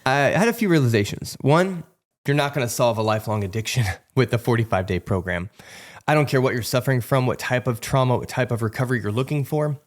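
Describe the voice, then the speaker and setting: A man's voice: mid-range voice, expressive, quick pace. A man in his thirties giving a frank, conversational recovery testimony as an interview guest, often acting out remembered dialogue.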